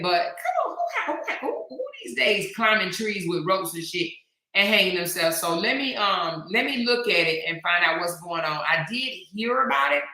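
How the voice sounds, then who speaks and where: A woman's voice: medium pitch, pushed and bright, roomy sound. A middle-aged woman hosting a casual live stream, chatty and slangy, reading viewer comments aloud. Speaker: host.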